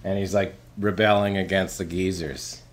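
A man co-hosting a casual chat, animated, laughing often and trailing off quietly at the ends of his thoughts. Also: low voice, moderate pace.

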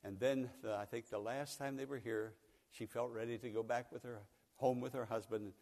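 A man's voice: medium pitch, fairly even intonation, moderate pace, darkish tone, big-room sound. An older man from Pennsylvania preaching a sermon, telling a folksy story and chuckling often. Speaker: pastor. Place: church sanctuary.

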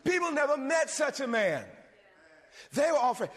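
A man preaching a sermon, animated, swinging between loud bursts and low asides. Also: moderate pace. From suburbs. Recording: long reverb of a hall.

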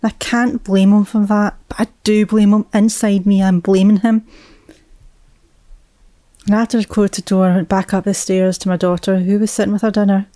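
A woman, a mother, telling a personal story in a reflective way, often dropping to a hushed whisper. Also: medium pitch, level tone, moderate pace, no room sound.

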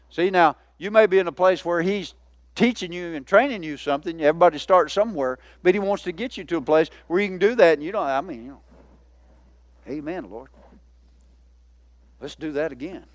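A man preaching a sermon as pastor, a lively, joking speaker who keeps calling out to his congregation. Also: fairly high pitch, brisk, no room sound.

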